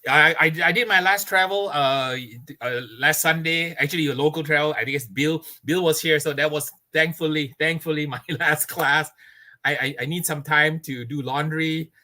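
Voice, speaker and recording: A man's voice: on the high side, moderate pace, bright, forceful tone. A man, a barbecue pitmaster, chatting as an interview guest, earnest and expansive, laughing often. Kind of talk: casual interview chat.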